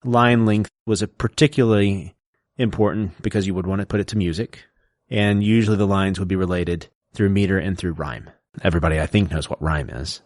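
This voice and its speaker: Low-voiced man lecturing in casual chat. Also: steady tone, fairly quick, a little mellow, dry recording, studio quality. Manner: lecturing, explains step by step. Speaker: podcast co-host and teacher.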